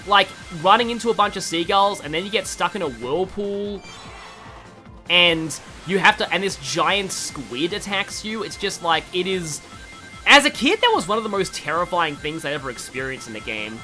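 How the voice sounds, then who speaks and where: A streamer with an Australian accent talks through a game in a loose, rambling way, full of fillers and restarts. The voice is bright, and the pitch moves up and down a lot. Faint game music plays in the background. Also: animated, normal speed. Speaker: gaming streamer. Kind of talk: casual let's-play commentary.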